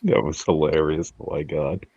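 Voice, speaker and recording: A man's voice: very deep voice, moderate pace, dark tone, slightly rough, no echo, lo-fi sound. A man co-hosting a podcast, reacting with exclamations in casual chat. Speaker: podcast co-host.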